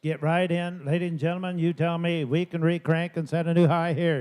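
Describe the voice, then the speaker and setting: A man working as an auctioneer at a livestock sale, calling bids in a rapid rhythmic chant. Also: on the high side, flat delivery, a little mellow, smooth.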